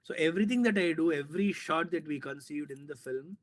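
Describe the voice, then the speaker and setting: A man, a filmmaker from India, talking in an interview and excitedly retelling a film scene with sound effects and repetition. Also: on the high side, a little fast. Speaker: filmmaker guest. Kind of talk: animated storytelling in an interview.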